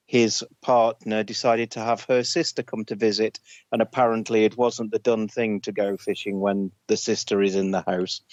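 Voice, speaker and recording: A man's voice: on the low side, a little mellow, no echo, highs cut off. A man co-hosting a casual gaming podcast, telling a dry, grumbling story about his week. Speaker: podcast co-host.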